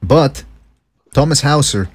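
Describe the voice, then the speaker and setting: A man co-hosting a podcast in loose, casual chat. He talks in a chatty, joking way and tells stories at an easy, ordinary pitch. His tone is everyday and relaxed. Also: slow pace, husky. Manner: chatty, jokey storyteller who drops into mock voices. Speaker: podcast co-host.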